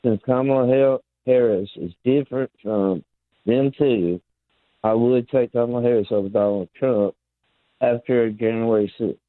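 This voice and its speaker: A man's voice: mid-range voice, normal speed, no room sound. A male caller from Tennessee comes through a tinny phone line, dry and thin. He talks in a hesitant way, stopping on fillers as he makes his point. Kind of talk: call-in conversation.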